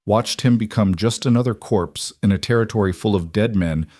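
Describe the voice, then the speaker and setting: Low-voiced male story narrator. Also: moderate pace, no echo, clean studio sound. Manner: even, steady storytelling.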